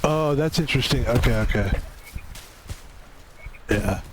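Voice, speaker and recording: A man's voice: mid-range voice, measured pace, slight background noise, poor audio. A man streaming a video game, chatting and rambling casually while he plays and laughing now and then. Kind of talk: casual gameplay commentary.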